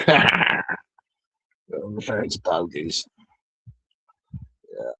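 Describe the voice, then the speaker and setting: Sweary middle-aged Englishman, gravelly rasp. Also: mid-range voice, very animated, moderate pace, a bit bright, no room sound, lo-fi sound. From Britain. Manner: sweary, blunt, sardonic. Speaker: vlogger. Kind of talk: profane solo rant.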